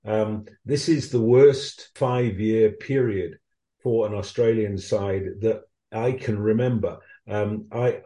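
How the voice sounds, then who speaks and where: A man's voice: fairly low pitch, mellow, roomy sound. A man, a rugby correspondent, answering interview questions in a reflective, anecdotal way, with many ums and restarts.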